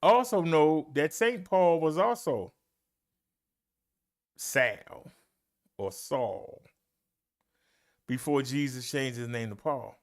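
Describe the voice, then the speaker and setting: A man leading a Bible study as a minister, preaching in an emphatic, folksy way and talking straight to his listeners. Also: fairly high pitch. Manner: slow, emphatic delivery with long pauses and swooping emphasis.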